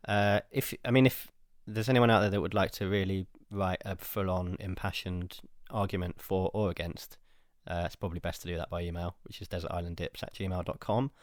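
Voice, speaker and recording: A man co-hosting a podcast, stubborn and deadpan in casual chat, often laughing. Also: low voice, brisk, hardly any pauses, dry recording, clean studio sound. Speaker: podcast co-host.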